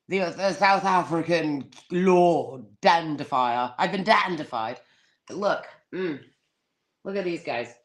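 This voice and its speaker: A woman's voice: low-pitched, slow. A woman hosting a casual live stream, dramatic and swearing freely, calling everyone darling.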